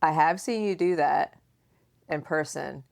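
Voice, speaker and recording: A woman in her forties with a low, creaky voice speaks a little slowly as she hosts a podcast. She chats casually with her daughter, animated and teasing, and acts out quotes as she goes.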